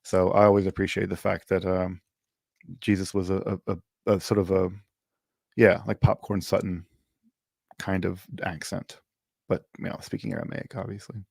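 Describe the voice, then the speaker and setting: A man's voice: low-pitched, little pitch movement, normal speed, vocal fry, a little mellow, no echo, studio quality. A man from Mississippi, hosting a livestream Q&A and talking casually with lots of fillers and restarts. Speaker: host. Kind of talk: livestream Q&A chat.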